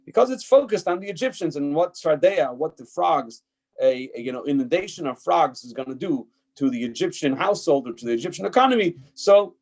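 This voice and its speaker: The recording is rough, and this man's voice is a little high with a darkish tone. Leading a Torah text class as a rabbi, he reads passages and explains them with emphasis, full of fillers and restarts, pausing to ask if people can hear him.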